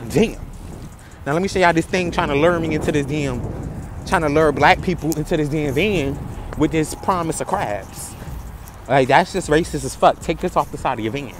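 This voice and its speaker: A man with a somewhat high voice vlogs from a parking lot into the phone he holds out in front of him. He talks straight to his viewers, brash and theatrical, swearing freely. Faint traffic hum runs behind him. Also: lively intonation, normal speed, long pauses. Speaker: vlogger. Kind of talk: casual travel vlog to camera. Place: outdoors in a bus station parking lot.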